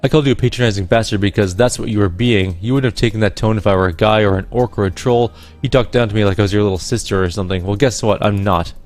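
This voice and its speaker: A man reading game dialogue aloud, voicing a hostile teenage girl hacker who talks quick and sharp-tongued. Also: fairly low pitch, fairly even intonation, soft background music, natural voice. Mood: indignant.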